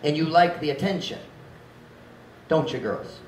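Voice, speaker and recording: A male pastor preaching a sermon, mixing in Visayan phrases, swinging between loud, forceful shouts and hushed, earnest passages. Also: on the high side, expressive, unhurried, a little hiss or hum. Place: church hall. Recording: echoey hall, mic at a distance.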